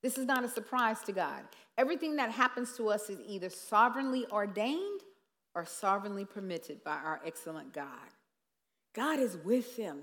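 A woman's voice: mid-range voice, animated, moderate pace, a bit bright. Earnest woman preaching in a reverberant hall. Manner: earnest, conversational, with rhetorical asides. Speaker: minister teaching on grief ministry. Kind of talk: sermon-style teaching. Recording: long reverb of a large hall.

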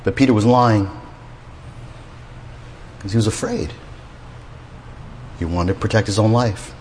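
A man preaching a sermon in an animated way, acting out the quotes he tells. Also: a little slow, slight background noise. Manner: animated, acts out quotes with rising pitch. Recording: long hall reverb.

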